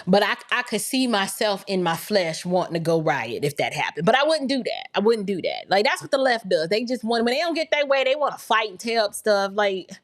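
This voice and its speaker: A woman's voice: mid-range voice, animated, brisk, hardly any pauses. A woman hosting an opinion podcast, talking emphatically and preachily with rhetorical questions, and reading viewer chats. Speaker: podcast host.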